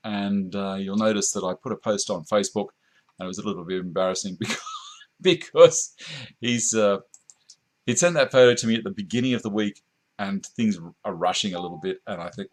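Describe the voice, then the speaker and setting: A man with a lowish voice talks fairly quickly as he hosts a woodworking live stream from his home workshop. He's Australian, chatting casually, reading viewer comments aloud and chuckling often, picked up by a camera mic at a short distance.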